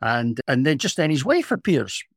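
A middle-aged Scottish man, a former police officer co-hosting a podcast, telling a story in a measured, reflective way. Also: mid-range voice, very animated, breathy edge, no room sound, clean studio sound. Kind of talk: casual storytelling.

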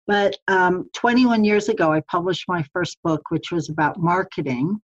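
Chatty middle-aged woman, lower voice. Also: moderate pace, few pauses, muffled recording. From United States. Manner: chatty, laughs often, many "um"s and restarts. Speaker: podcast guest, publisher. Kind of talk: casual interview chat. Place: home in the mountains of Colorado.

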